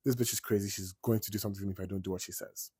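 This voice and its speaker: A man acting out a dazed, injured author who stammers nervously. His slightly husky voice sounds dry and close. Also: lowish voice, fairly even intonation, rapid-fire, dark tone, dry recording. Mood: grim. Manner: hesitant, nervous.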